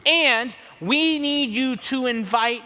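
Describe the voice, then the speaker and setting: A man's voice: very high-pitched, takes it slowly, sharp tone, in a large hall. A young man making upbeat church announcements to his youth group, enthusiastic and repeating words for emphasis.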